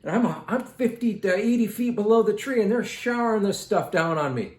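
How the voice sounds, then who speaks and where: This art-channel host has a high, animated voice and talks fairly quickly. Drawing at home, he chats casually and directly to viewers through a meandering story, picked up with roomy echo and a little background noise.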